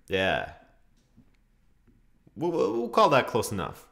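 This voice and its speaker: A man's voice: mid-range voice, wildly swooping pitch, takes it slowly, vocal fry, a bit bright. Chatty young man streaming a match. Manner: chatty, laughs often, reacts with ooh and hoo to the match. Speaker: streamer hosting a football watchalong. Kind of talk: casual live-stream commentary and chat reading.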